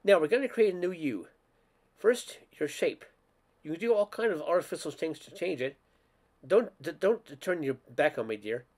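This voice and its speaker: A man's voice: fairly high pitch, expressive, moderate pace, a little mellow, voice pushed up. A man voicing a polished, pushy female cosmetics saleswoman with condescending sales patter, reading a story aloud.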